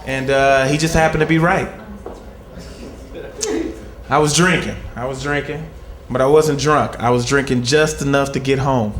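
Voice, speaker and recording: A man's voice: mid-range voice, normal speed, a little hiss or hum. A man from Texas with a Texan accent doing a stand-up set, telling stories and acting out the bits with lots of energy. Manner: animated storytelling, acts out bits. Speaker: stand-up comedian. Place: comedy club stage. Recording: echoey club with crowd laughter. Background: audience laughing.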